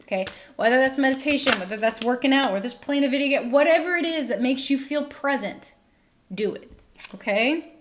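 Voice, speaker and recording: A woman's voice: sits high, a little fast, background noise. A woman giving a tarot reading to her viewers, reassuring them and checking in with a frequent "okay?" as she explains the cards. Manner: reassuring, repeats "okay?" often, acts out listeners' worried thoughts. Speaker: tarot reader.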